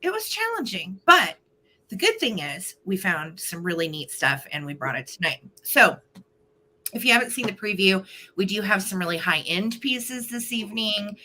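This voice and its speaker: A woman's voice: medium pitch, sing-song, moderate pace, sharp tone. A woman hosting a live vintage sale stream from home, chatting casually in a bubbly, giggly way.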